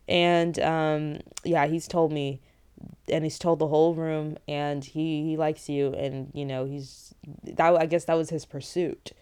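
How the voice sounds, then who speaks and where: A young woman vlogging late at night, telling a story in a rambling, exasperated, animated way. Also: deep voice, a little slow, clear, resonant tone.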